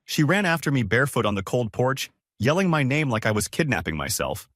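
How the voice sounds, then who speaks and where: A man's voice: mid-range voice, very animated, brisk, fairly bright tone, no echo, clean studio sound. A man narrating a first-person story with a scripted, dramatic delivery.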